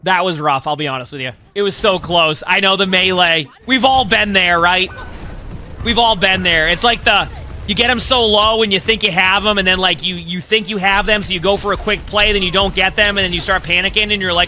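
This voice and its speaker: A male streamer with a high, strikingly bright and forceful voice, talking through a match in casual commentary. He is chatty, restarts and repeats words often, and leans on "like" as he coaches the player. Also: a little fast. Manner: chatty, repeats himself, many "like" fillers.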